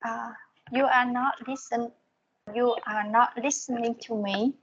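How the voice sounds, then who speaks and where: A woman's voice: fairly high pitch, steady tone, a little slow, lo-fi sound, slight background noise. A woman with a Vietnamese accent, a student in an English lesson, reading her answers aloud hesitantly and carefully repeating words after her teacher.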